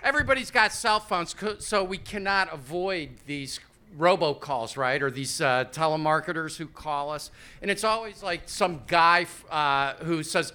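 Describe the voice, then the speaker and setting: A man in his fifties works through a stand-up set on a club stage, talking into a handheld mic. His voice is high and very bright. He rambles in a loose, conversational way and drops in crude asides. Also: moderate pace, clean tone. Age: 50s. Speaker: stand-up comedian.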